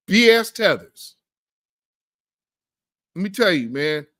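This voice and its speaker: Fairly bright and a little high, this man's voice comes through clean and echo-free from the studio. He hosts a political commentary show and talks in a slangy, emphatic, fired-up manner.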